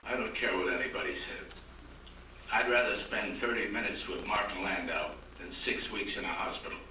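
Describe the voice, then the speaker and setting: A man's voice: on the low side, normal speed, a loud crowd. An older man from Ohio doing stand-up jokes at a banquet, with a dry joke-telling delivery and quoted voices. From Akron, Ohio. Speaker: comedian at a roast dinner. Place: large banquet hall. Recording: echoey banquet hall from far off, noisy.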